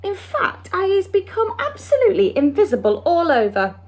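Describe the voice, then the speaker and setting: Boastful boy, excited and bouncy, as a woman reads him aloud. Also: very high voice, normal speed, pitched above the performer's own voice, full character voice. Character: boastful young boy dreamer.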